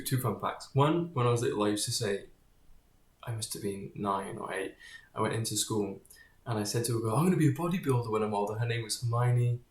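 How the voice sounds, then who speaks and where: A man talking casually to camera in a digressive, rambling way, often drifting off topic, blunt and sometimes profane. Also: mid-range voice. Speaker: vlogger. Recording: echoey room.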